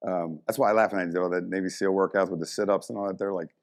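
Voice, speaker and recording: Brief: middle-aged male strength coach, very low voice, loose animated storyteller who swears and leans on "you know". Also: racing. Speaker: strength coach and motivational speaker. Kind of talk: casual storytelling talk.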